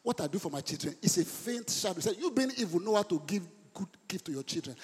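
A man preaching a passionate sermon as a pastor in church, building from quiet storytelling up to shouts. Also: high-pitched, animated, quick pace, few pauses, husky, long reverb tail. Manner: impassioned preaching, rising to shouts.

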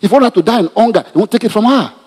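Male pastor, animated sermon delivery, husky tone, reverberant church. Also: high-pitched, rapid-fire. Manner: animated preaching with laughs and repetitions. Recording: reverberant hall.

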